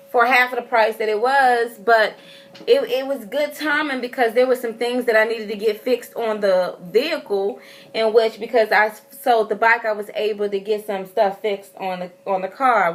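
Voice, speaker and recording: A young woman telling a story in a casual vlog update, chatty and rambling, with lots of fillers. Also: on the high side. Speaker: vlogger.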